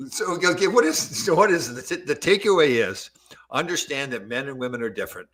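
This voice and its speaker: An older man hosts a relaxed podcast conversation, swapping stories with a friend. His voice has a bright, forward tone. He talks in an animated way and laughs easily. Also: mid-range voice, normal speed. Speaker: podcast host. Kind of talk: casual chat.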